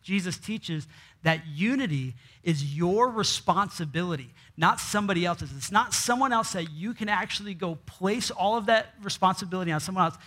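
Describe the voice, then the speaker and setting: A man's voice: sits high, bright, forceful tone. Man preaching with rhetorical questions. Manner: asks the congregation rhetorical questions and answers them; reads scripture aloud, with many restarts. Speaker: pastor. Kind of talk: sermon.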